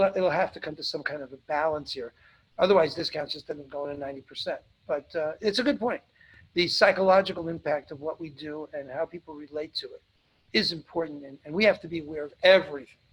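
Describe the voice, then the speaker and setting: A man's voice: high-pitched, poor audio. A man hosting a live webinar, answering audience questions in a blunt, emphatic way and repeating points for stress.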